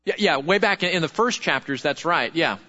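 Male pastor, sermon, animated and chatty, somewhat muffled lo-fi recording. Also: a little high, a little fast. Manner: lively, conversational, asks the congregation questions.

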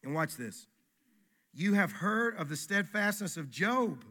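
A man's voice: high-pitched, sing-song, unhurried, bright, forceful tone. A man preaching a sermon as pastor, emphatic and folksy, repeating his key phrases.

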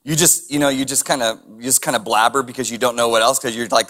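A man's voice: medium pitch, animated, a little fast, hardly any pauses, pushed and bright. A man preaching a sermon as a pastor, reading scripture and adding casual chuckling asides and rhetorical questions.

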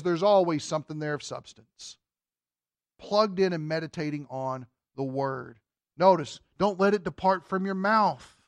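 A man preaching a sermon, reading scripture aloud and breaking in with animated, joking asides. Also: high voice, no room sound. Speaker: pastor.

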